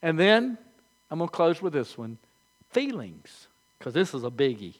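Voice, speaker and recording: Older guy pastor preaching, folksy storytelling, bit of a higher voice. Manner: folksy storytelling, animated, halting restarts. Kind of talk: sermon.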